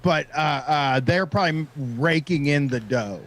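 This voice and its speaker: A podcast co-host on a casual talk show reads out points and mocks them sarcastically. His voice is a little high and fairly bright, and he speaks unhurriedly.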